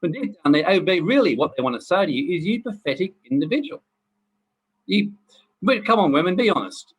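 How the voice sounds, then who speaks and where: A man's voice: high voice, sing-song, fairly quick, slightly rough, rough recording. A middle-aged man giving a blunt, preachy motivational talk to a group, swearing freely as he goes. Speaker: personal development speaker.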